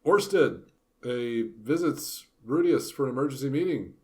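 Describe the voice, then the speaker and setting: A man co-hosting a casual book discussion, animated, dropping into playful voices when he retells scenes. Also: medium pitch, measured pace. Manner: animated, puts on character voices when quoting. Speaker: podcast co-host.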